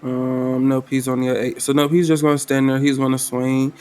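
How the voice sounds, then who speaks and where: A man running a solo tabletop game as game master, talking loosely in slang and thinking out loud. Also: medium pitch, little pitch movement, fairly quick, a little hiss or hum. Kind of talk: casual tabletop game narration.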